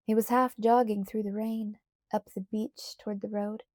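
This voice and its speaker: A woman narrating an audiobook in a calm, measured first-person reading. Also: medium pitch, no room sound, studio quality. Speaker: audiobook reader.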